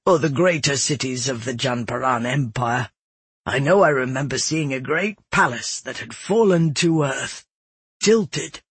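A man voicing a calm, wise old male roadmaster in an audiobook, speaking slowly and softly. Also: mid-range voice, breathy edge, dry recording, exaggerated voice. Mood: reminiscing. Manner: slow, soft-spoken. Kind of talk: audiobook narration.

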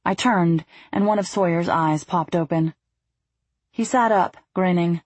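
A woman narrates a first-person audiobook in an even storytelling manner. Her voice is husky and a little breathy. The sound is dry and close, with no room sound. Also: on the low side, unhurried, no room sound.

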